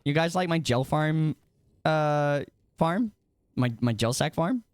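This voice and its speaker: A young man streaming a game live, chatting to his viewers in a rambling, excitable, self-mocking way. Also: a little high, takes it slowly, no echo, studio quality. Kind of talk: casual gaming livestream chat.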